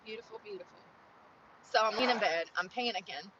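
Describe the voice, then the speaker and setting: A young woman from North Carolina with a Southern accent, chatting excitedly and swearing as she films herself outdoors on a phone. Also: mid-range voice, a little fast, highs cut off, background noise. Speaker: IRL streamer. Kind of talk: casual outdoor vlog chatter. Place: outdoors on a coast.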